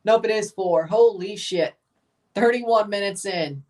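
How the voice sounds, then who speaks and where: Casual watchalong host, woman, mid pitch, offhand play-by-play, off-mic sound. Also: measured pace, a little mellow, far from the mic. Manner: offhand, exclaims and swears at plays. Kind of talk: casual live match commentary.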